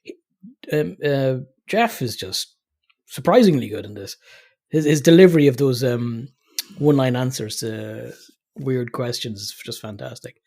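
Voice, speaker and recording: A man's voice: medium pitch, measured pace, vocal fry, darkish tone. A man co-hosting a casual movie podcast, enthusiastic and chuckly as he retells scenes. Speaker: podcast co-host.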